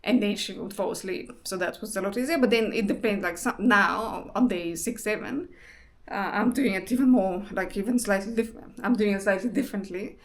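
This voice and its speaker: A woman's voice: medium pitch, fairly quick. A young woman vlogging in a casual, chatty way, with many fillers and restarts. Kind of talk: casual chat.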